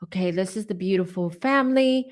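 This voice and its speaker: A woman's voice: mid-range voice, fairly quick. A woman giving a psychic tarot reading to camera, speaking conversationally with many asides, and saying openly that she is getting emotional. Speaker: tarot reader.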